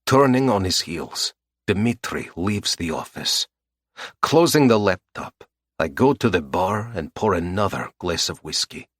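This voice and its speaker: A man reads a dark romance audiobook in the first person, brooding and blunt. His voice is low and husky with a lively, moving pitch, and the sound is dry and close to the mic. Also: a little slow, no room sound. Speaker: audiobook narrator.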